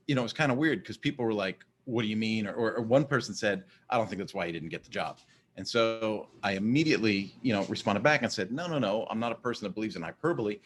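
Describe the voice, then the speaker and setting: A man's voice: on the low side, a bit bright, slight background noise. A man in a casual monologue, rambling and often repeating words as he starts a sentence. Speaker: vlogger.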